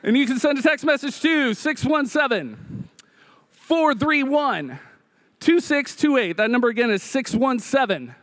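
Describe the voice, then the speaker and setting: A man from Rhode Island giving a joking, excitable live coding demo on stage at a hackathon. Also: high-pitched. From Providence, Rhode Island. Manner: joking, fast, excitable, frequent uh fillers.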